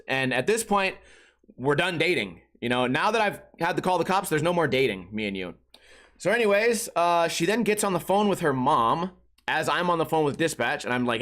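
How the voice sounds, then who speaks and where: High-voiced man telling a wild story. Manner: animated, incredulous, quick restarts. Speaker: podcast host. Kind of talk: casual storytelling.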